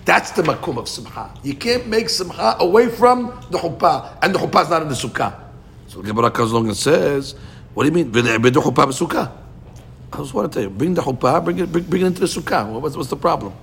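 Male Talmud teacher, lively and questioning, gravelly tone, slightly high pitch. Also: fast talker, slight background noise. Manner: animated, questioning, mixes Hebrew and Aramaic terms. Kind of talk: Talmud class explanation.

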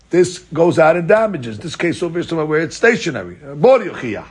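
A man's voice: a little high, very animated, fairly quick, few pauses, darkish tone, breathy edge. A man teaching a daily Talmud class, reading out Aramaic text and explaining it in casual English with rhetorical questions and many fillers.

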